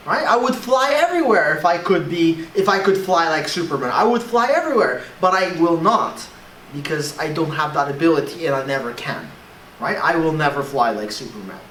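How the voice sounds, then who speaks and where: An English teacher giving a classroom lesson in an animated way, checking in with the class again and again. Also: medium pitch, fairly quick. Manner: animated, keeps checking in with "right?". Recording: echoey room, voice from far off, faint hiss.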